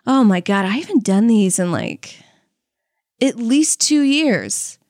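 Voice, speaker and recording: A young woman from Louisiana with a fairly high voice. She chats candidly and swears freely, laughing between stories and jokes. Her voice sounds close and dry, with no room around it. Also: sing-song, a little mellow, dry recording. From Louisiana, US South. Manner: chatty, profane, laughs often, quick asides. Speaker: comedian and podcast co-host. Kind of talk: candid casual storytelling with stand-up jokes.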